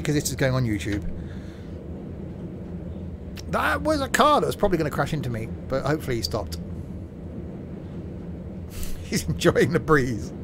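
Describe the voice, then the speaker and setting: A man talking through a driving game in a chatty, joking way, his voice bouncing lively up and sitting a bit high for a man. Clear game noise and vehicle hum run under his voice throughout. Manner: chatty, jokey, narrates his own driving. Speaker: streamer. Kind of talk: casual gameplay commentary.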